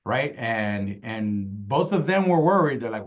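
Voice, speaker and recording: A man leading an insurance sales training speaks emphatically, constantly asking "right?" and saying "y'all" to his audience. His medium-pitched voice is expressive, at normal speed with hardly any pauses, though the audio sounds dull.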